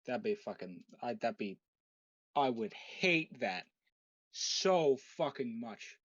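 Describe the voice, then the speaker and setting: A man's voice: mid-range voice, expressive, slow, fairly bright tone, no room sound. A tired young man rambling and swearing in a late-night solo monologue, with a dull lo-fi recording. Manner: swearing, rambling, many restarts and fillers. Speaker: vlogger. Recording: dull lo-fi dry home recording.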